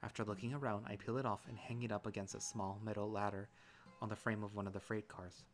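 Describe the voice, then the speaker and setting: A man narrating a visual novel in first person, calm and relaxed, with small restarts. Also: on the low side, fast, soft background music.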